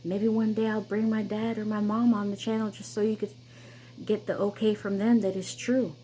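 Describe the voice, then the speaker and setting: A woman's voice: medium pitch, flat delivery, moderate pace, dark tone, slight background noise, poor audio. A woman hosting her own channel, telling a personal story in an emphatic, insistent way, with many repeats and restarts. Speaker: vlogger, channel host.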